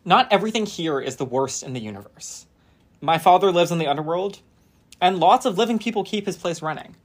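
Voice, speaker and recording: A woman reading the part of a brooding teenage boy in a flat, measured, solemn way. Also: lowish voice. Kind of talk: podcast table read.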